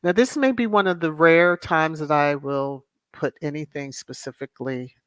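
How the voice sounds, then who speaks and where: A woman's voice: low-pitched, normal speed, smooth, no room sound. Sassy woman host, dry close sound. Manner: sassy, exasperated asides. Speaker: commentary channel host. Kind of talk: casual commentary to viewers.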